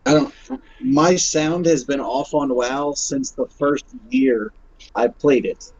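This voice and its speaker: A man's voice: medium pitch, takes it slowly, a crowd in the background. A man playing in a tabletop game over voice chat, stammering and self-conscious. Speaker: player. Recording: dull lo-fi mic.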